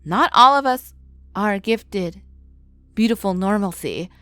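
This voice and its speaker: A woman voicing a brash, theatrical teenage girl who loves Halloween, shouting and teasing her friends. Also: medium pitch, expressive, slow, no echo, faint music behind, voice pushed up.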